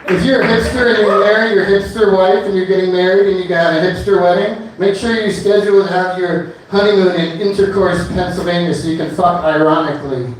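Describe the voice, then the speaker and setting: A man's voice: sits high, steady tone, fairly quick, hardly any pauses. A man performing a stand-up comedy set on a bar stage, rambling loosely with many fillers between one-liners. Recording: echoey club room from far off.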